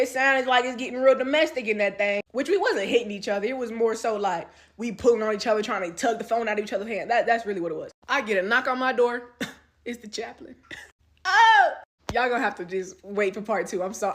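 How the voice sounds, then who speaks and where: A young woman in her twenties telling a story to her viewers in casual talk, swearing, laughing and swinging between loud outbursts and quiet asides. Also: on the high side. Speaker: storytime vlogger.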